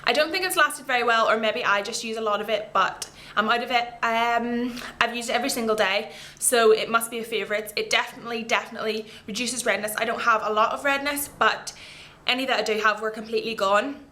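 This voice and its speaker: A woman's voice: on the high side, fairly even intonation, fairly quick, sharp tone. A woman vlogger chatting casually and enthusiastically about her favourite makeup products, with rambling asides as she demonstrates them to the camera. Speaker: beauty vlogger.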